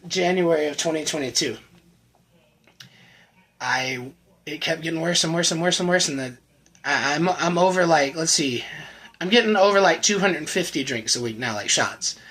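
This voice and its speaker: A man in his thirties giving a candid personal testimony as a channel host, halting and full of restarts. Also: a little high, bright, forceful tone, breathy edge, low-quality recording. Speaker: channel host telling his recovery story. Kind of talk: personal testimony, casual storytelling.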